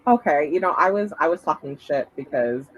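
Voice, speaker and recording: A man's voice: on the high side, lively intonation, a little fast, lo-fi sound. A man co-hosting a reality TV podcast, thinking aloud with lots of fillers and restarts. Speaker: podcast co-host. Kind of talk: casual chat.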